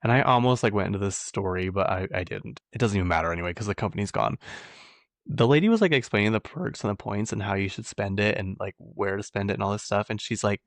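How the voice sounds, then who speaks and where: Chatty low-voiced man dishing gossip. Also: quick pace, dry recording. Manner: chatty, rambling, heavy use of "like". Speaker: podcast host. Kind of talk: casual pop-culture gossip chat.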